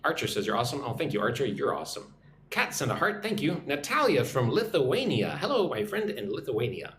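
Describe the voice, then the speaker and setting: A man's voice: mid-range voice, huge pitch swings, fairly quick, a bit bright, echoey room, a little hiss or hum. A man who teaches English online, chatting on a live stream, reading out viewer comments and greeting them in their own languages. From United States.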